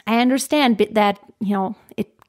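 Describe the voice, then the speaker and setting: A woman's voice: medium pitch, moderate pace, a little mellow. A woman vocal coach giving a casual teaching talk, chatty and laughing often as she restarts her sentences.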